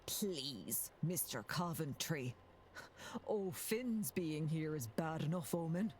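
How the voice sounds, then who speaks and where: A cold, disdainful lady in a game. Her voice is very low, and she speaks slowly. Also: animated, a little mellow, a little hiss or hum.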